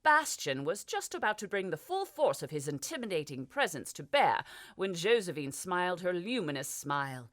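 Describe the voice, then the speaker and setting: A woman's voice: fairly low pitch, sing-song, moderate pace, fairly bright tone, dry recording, studio quality. Woman narrating a fantasy audiobook. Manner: voices characters with small shifts. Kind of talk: scripted narration.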